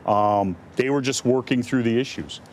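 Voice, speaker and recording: A man's voice: mid-range voice, moderate pace, slight background noise. A middle-aged male defense attorney answering reporters' questions bluntly, with many restarts and fillers. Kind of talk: press conference answers.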